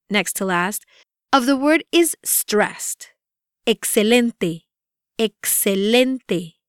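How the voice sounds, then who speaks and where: A woman reading a scripted language course with a deliberate, evenly paced teaching delivery. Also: on the high side, clean tone, no echo, clean studio sound. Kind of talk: scripted instructional narration.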